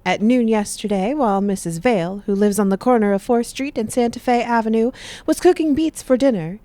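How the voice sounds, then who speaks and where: A woman narrating a Western space audio drama in a measured announcer delivery. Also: on the high side, dark tone, no echo. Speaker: narrator and newsreader. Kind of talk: scripted radio-drama narration.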